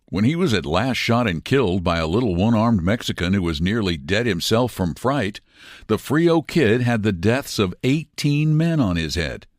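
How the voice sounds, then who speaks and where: Brief: male narrator, expressive storybook reading, lively intonation, dry close mic. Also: fairly low pitch, normal speed, no echo.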